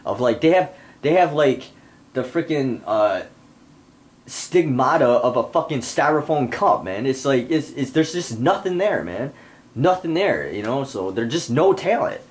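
Foul-mouthed young man ranting over a game. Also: on the high side. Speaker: gamer. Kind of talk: profane let's-play rant. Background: video game music.

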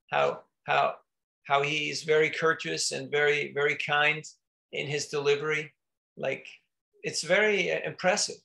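A man's voice: a little high, creaky, sharp tone. A man, a monk, giving an informal spiritual talk, telling stories in a conversational way with frequent restarts and little laughs.

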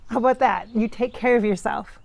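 A middle-aged woman who vlogs as a psychic gushes and giggles to the camera in casual talk packed with fillers. Her voice is a little high and brisk, with vocal fry and a darkish tone.

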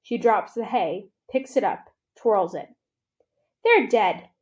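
A woman reading a children's novel aloud for a library, with expressive, steady storytelling. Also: medium pitch, unhurried, highs cut off.

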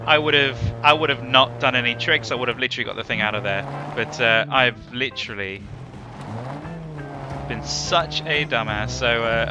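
A man talks over his game in a rambling, self-mocking way, breaking into loud exclamations. His pitch sits mid-range for a man. Game music plays clearly behind him. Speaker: gaming YouTuber. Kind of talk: casual gameplay commentary.

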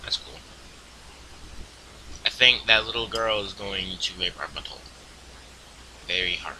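A young man casually commentating his online game, crude and profane, rambling quietly and then suddenly yelling at other players. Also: deep voice, measured pace, a little hiss or hum, low-quality recording. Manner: crude, profane, swings into loud outbursts. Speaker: gaming video host.

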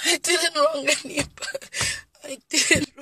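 A woman's voice: sits high, steady tone, unhurried, background noise. A distraught Zimbabwean woman in tears, speaking in a repetitive, pleading outburst on a live video. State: tearful and distraught. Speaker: comedian. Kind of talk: emotional live video monologue. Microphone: phone.

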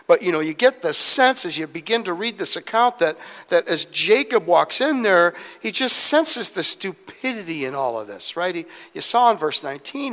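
A man teaches scripture from the pulpit with a slightly raised, lively pitch. He reads the verses, then breaks into casual, humorous asides. The long reverb of a church hall trails each phrase. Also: moderate pace. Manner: conversational, joking asides between scripture readings. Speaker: pastor. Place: church sanctuary.

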